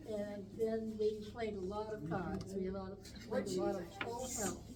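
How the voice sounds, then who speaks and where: A woman sharing fond memories of an old friend at a memorial, rambling and halting, with fond laughter. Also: mid-range voice. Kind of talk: memorial speech, casual reminiscing. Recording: distant mic with clear background noise.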